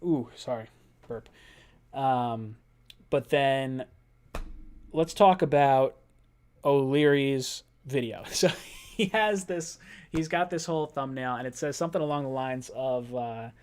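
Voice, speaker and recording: A man hosting a live-stream sports podcast, talking casually and playfully with his chat, with quick bursts of speech. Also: medium pitch, darkish tone, smooth. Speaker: podcast host.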